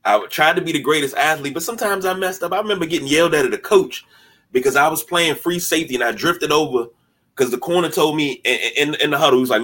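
A man hosting a sports podcast in casual talk, animated and mocking, often stumbling over repeated words as he starts a thought. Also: on the high side, quick pace. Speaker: podcast host.

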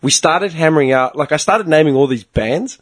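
A man's voice: a little high, expressive, normal speed. A man hosting a casual chat with friends, who laughs often, swears and keeps cutting in to steer the talk. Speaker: podcast host.

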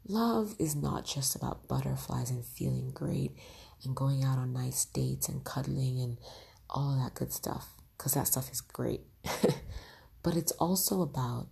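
A woman's voice: very deep voice, animated, a little slow, vocal fry, warm tone, husky. A woman hosting a podcast, giving earnest motivational advice on love and speaking straight to her listeners, often checking in with "right?". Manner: earnest, addresses listeners directly with frequent "right?". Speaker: podcast host.

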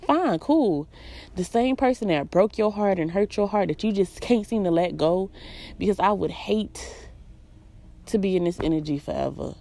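A woman's voice: medium pitch, animated, normal speed, creaky, dark tone. A woman giving a blunt, profane, emphatic personal monologue, hammering her points home with repeated phrases. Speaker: vlogger.

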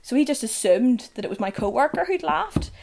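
A woman's voice: high voice, very animated, a little fast, creaky, darkish tone. A young woman with a Northern Irish accent, casually telling stories, swearing freely and peppering her speech with "like".

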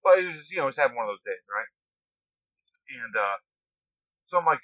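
A young man telling profane, animated stories in a casual chat. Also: medium pitch, a little fast, long pauses, no room sound, poor audio. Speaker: podcast co-host, navy veteran.

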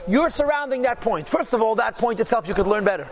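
A man's voice: high voice, expressive, fast. A man teaching a daily Chassidic text class, reading phrases from the text and translating and explaining each one. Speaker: Torah teacher.

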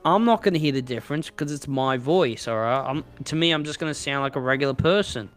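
A man's voice: fairly high pitch, fast, faint music behind. A young man with an Australian accent, telling rambling stories in a casual chat with friends. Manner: rambling, animated storyteller, swears casually.

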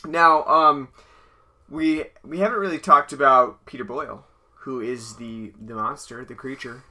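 A man co-hosting a casual movie chat, offering measured, reflective commentary. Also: medium pitch, fairly even intonation, sharp tone. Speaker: podcast co-host.

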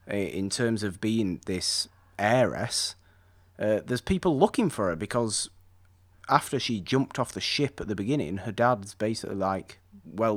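A man with a fairly low voice talks casually about an old film. He rambles with enthusiasm and trips over his own restarts as he builds a point.

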